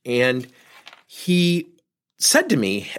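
A man's voice: mid-range voice, drawn-out words, clear, resonant tone. A man in his fifties hosting a podcast, telling coaching stories in a conversational way and acting out both sides of the dialogue. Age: 50s. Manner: animated storyteller, acts out both sides of dialogues. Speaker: podcast host and sales coach. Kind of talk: conversational storytelling.

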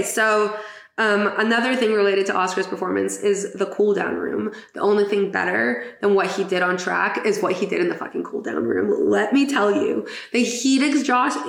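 A woman's voice: mid-range voice, vocal fry, fairly bright tone, reverberant. A woman hosting a podcast in casual chat, chatty and giggly, swearing casually. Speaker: podcast host.

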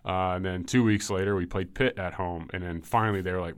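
A man in his thirties, a former football player, telling injury stories in a relaxed way with many ums. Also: sits low, fairly quick, smooth, no room sound, studio quality. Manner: relaxed storytelling with frequent ums and likes. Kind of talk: casual podcast chat.

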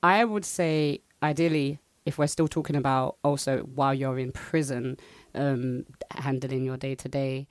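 A woman's voice: rumbling low, fairly even intonation, a little slow, dry recording. A woman on a podcast panel, chatting in a bubbly way, laughing often and acting out her own reactions. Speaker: panel guest. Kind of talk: casual panel chat.

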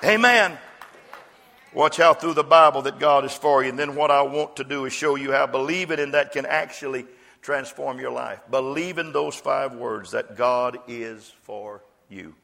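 A pastor preaching a rousing call-and-response sermon, rising to shouts. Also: male voice, medium pitch, moderate pace, gravelly, some chatter behind. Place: church sanctuary. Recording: reverberant church hall with congregation.

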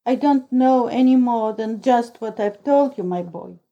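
A woman's voice: a little high, measured pace, highs cut off. A woman doing a dramatic old innkeeper woman. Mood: gossipy. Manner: exclaiming, throws up her hands. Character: deaf old female lodging-house keeper, gossipy and dramatic.

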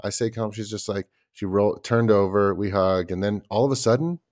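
A man's voice: lowish voice, fairly quick, darkish tone. A man in his thirties co-hosting a parenting podcast, chatting casually in loose, rambling stories full of fillers and the odd swear word. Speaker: podcast co-host. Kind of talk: casual chat.

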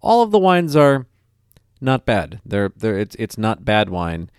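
A man's voice: on the low side, wildly swooping pitch, measured pace, clear, resonant tone, dry recording, clean studio sound. A man hosting a casual podcast, talking with enthusiasm and rambling through many restarts. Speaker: podcast host. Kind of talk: casual chat.

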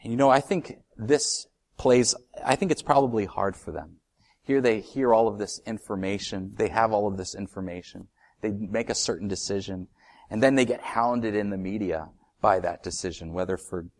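A man preaching a sermon, his delivery swinging between loud emphatic lines and quiet hushed ones. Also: on the low side, fairly even intonation, normal speed. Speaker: pastor.

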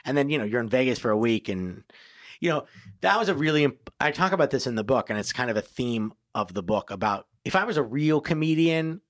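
A man's voice: medium pitch, fairly quick, dry recording, clean studio sound. A comedian and author, a man, telling stories as a guest in a casual podcast conversation. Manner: storytelling, animated, quotes people in put-on voices.

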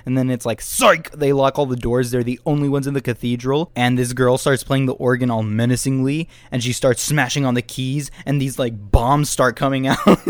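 A man in casual conversation, reviewing a film and acting out its scenes with energy and frequent laughter. His voice is mid-pitched, and the recording is dry and close. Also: fairly quick, few pauses, no room sound. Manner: animated retelling with laughs. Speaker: movie reviewer. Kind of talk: casual chat.

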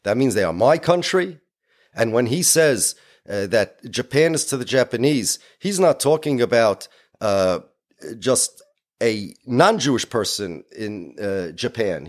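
An American man lectures emphatically in a mid-range voice. His explanatory delivery is sprinkled with many Yiddish and Hebrew words.

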